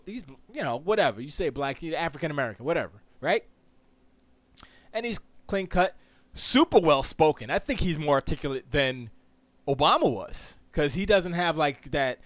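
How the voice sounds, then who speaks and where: A man chats on his solo podcast in a loose, joking, rambling flow, full of quick side remarks. His voice sits a bit high and leaps around a lot. The sound is dry and close to the mic. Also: no echo. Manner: animated, rambling, jokey, quick asides. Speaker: podcast host. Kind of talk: casual solo podcast chat. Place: Florida. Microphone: close studio mic.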